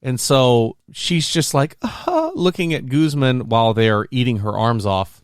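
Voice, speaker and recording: Animated storytelling man, smooth dry voice. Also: mid-range voice, measured pace, no echo. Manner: animated storyteller, acts out scenes. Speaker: podcast co-host. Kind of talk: casual chat.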